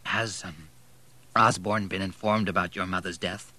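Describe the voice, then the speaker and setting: A man plays a guilt-ridden older banker, speaking low and hushed. The tone stays bright but drained of force. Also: steady tone, a little slow, heavily acted. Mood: subdued. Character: remorseful older male banker.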